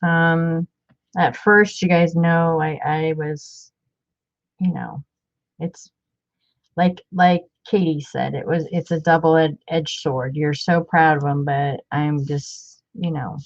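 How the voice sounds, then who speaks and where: Middle-aged lady rambling thru a craft vlog, low voice, kinda dull lo-fi sound. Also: fairly even intonation, slow. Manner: chatty, rambling, many fillers. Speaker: crafting vlogger. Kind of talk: casual crafting chat.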